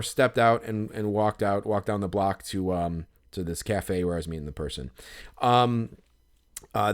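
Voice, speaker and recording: A man co-hosting a podcast, telling a long casual story full of fillers, swearing and retold inner monologue. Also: fairly low pitch. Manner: rambling, lots of fillers and profanity, animated when retelling. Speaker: podcast co-host.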